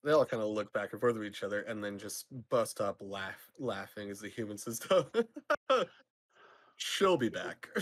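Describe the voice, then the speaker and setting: A man's voice: on the low side, steady tone, fairly quick, few pauses. A man narrating a tabletop game as game master, in a loose, chuckling way.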